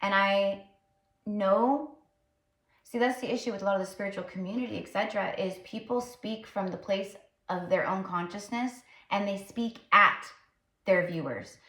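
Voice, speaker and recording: A woman's voice: medium pitch, moderate pace, a bit bright. Rambling woman psychic in a roomy space. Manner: rambling, full of fillers and restarts. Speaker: psychic tarot reader. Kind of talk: casual spiritual channeling talk. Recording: roomy echo.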